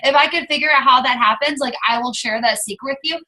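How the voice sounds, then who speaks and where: A woman's voice: high voice, fast, pushed and bright. A woman coaching her team on a video call, in a chatty, rambling, casual way that drifts off topic.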